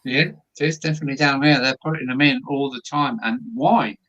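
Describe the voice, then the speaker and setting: A man's voice: medium pitch, fairly even intonation, brisk, fairly bright tone, lo-fi sound. A man from Dover with a Kent accent, chatting casually on a live stream while he paints, rambling and chuckling with plenty of fillers. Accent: Kent English. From Dover, Kent, England.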